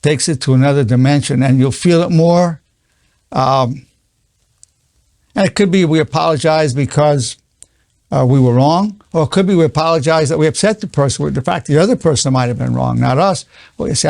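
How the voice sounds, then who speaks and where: A man's voice: a little high, fairly quick, creaky, a little mellow, dry recording, studio quality. A man in his eighties, a psychologist giving an earnest spoken lesson, repeating key phrases with stammering restarts. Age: 80s.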